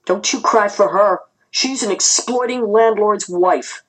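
A woman reading aloud and voicing a harsh young male enforcer who speaks with scorn, her voice husky. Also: medium pitch, unhurried, fairly bright tone. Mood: scornful. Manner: scornful, threatening.

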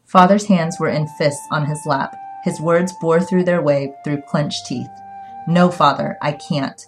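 A woman narrating a story in the first person, reading in a measured, earnest way. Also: sits low, fairly even intonation, faint music behind. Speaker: audiobook narrator.

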